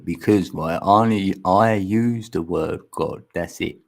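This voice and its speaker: A man's voice: deep voice, measured pace, gravelly. A man hosting a livestream, chatting casually with viewers and rambling through musings with frequent laughs, on a mic mounted on an arm extension. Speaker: livestream host.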